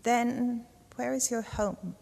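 A woman voicing a wise, tricky old female crow in a storybook, with a sharp, posh voice as dry as dust. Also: a little high, takes it slowly, vocal fry, voice pushed up, exaggerated voice. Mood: suspicious. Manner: posh, crooning and squawking. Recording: echoey hall reverb.

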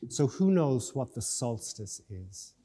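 A man leading a church service, reading a children's story aloud gently and lifting his voice for the characters. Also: medium pitch, big pitch swings, slow pace, husky. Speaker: minister. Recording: long church reverb with faint music.

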